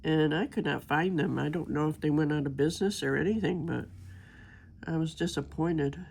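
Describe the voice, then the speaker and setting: An older woman with a gravelly voice and a sore throat from being sick, rambling in a homey, chatty way while she works on a craft. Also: deep voice, moderate pace, darkish tone, a little hiss or hum. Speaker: crafting vlogger. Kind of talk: casual chat while diamond painting.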